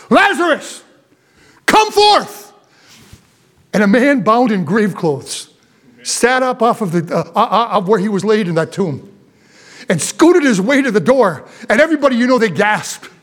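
High-voiced preacher, fervent then hushed. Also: male voice, lively intonation. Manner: swings between fervent emphasis and hushed, slow asides; reads old scripture wording aloud, then explains it plainly. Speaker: pastor. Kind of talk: sermon with scripture reading.

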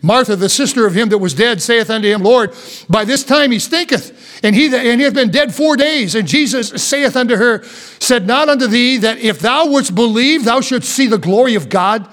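A male pastor preaching a sermon, reading scripture aloud and explaining it, moving between fervent emphasis and quiet, slowed-down asides. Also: very high voice. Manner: reads old scripture wording aloud, then explains it plainly.

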